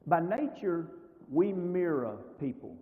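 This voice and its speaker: A man's voice: fairly high pitch, lively intonation, slow pace, long reverb tail, narrow, tinny audio. A man teaching a church marriage seminar class in a conversational way, often asking the audience rhetorical questions. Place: church hall.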